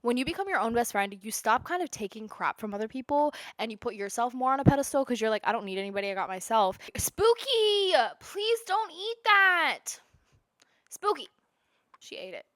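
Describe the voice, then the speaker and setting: A woman's voice: a little high, lively intonation, fast talker, no room sound. A woman in her twenties talking casually at home in a sit-down vlog, chatty and rambling, jumping from one tangent to the next. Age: 20s. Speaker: lifestyle creator.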